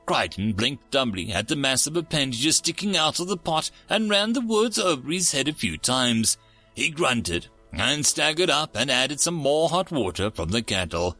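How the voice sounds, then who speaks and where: A man narrates a fiction story with a lively, expressive delivery, his pitch rising and falling freely. His voice has a bright, forward edge. Quiet music plays faintly beneath the reading. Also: normal speed.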